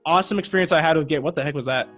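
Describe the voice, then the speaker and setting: A man, a podcast guest telling a long story in casual talk, rambling and animated with lots of fillers. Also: a little high, very fast, soft background music.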